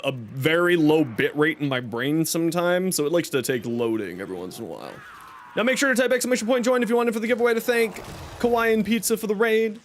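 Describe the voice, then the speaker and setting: A man's voice: high voice, a bit bright. A young man chatting casually on a live game stream, upbeat and talkative as he announces giveaways and thanks viewers. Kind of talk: casual live-stream chat while gaming.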